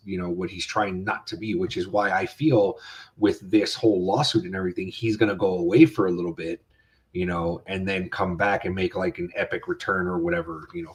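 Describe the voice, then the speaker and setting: A man's voice: low-pitched, steady tone, a little fast. A man hosting a casual podcast chat, rambling with fillers and restarts. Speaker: podcast host.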